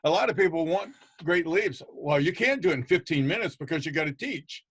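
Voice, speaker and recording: A man's voice: fairly high pitch, expressive, fairly quick, slightly rough. A man speaking on an educators' panel, emphatic and blunt, repeating points for stress. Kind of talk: passionate panel discussion.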